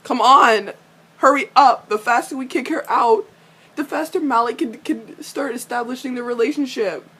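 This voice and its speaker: A young woman talks at a normal speed with a breathy edge, recapping a TV episode as a casual fan. She gets excited, swears a lot, and gushes and rants at the characters, laughing often and squealing high when something thrills her.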